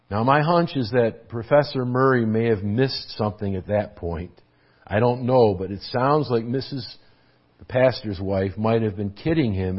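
A man's voice: fairly low pitch, lo-fi sound. A man preaching a sermon as pastor, earnest and emphatic, repeating key phrases for weight, in a church hall.

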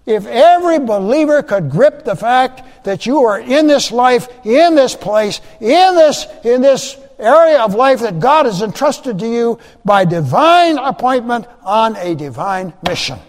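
A man delivers an emphatic sermon, repeating key phrases and swinging between hushed and loud. His voice sits high for a man. The sound rings with the long reverb of a large sanctuary. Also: expressive, unhurried, few pauses. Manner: emphatic preaching, repeats phrases, rising and dropping loudness. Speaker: pastor.

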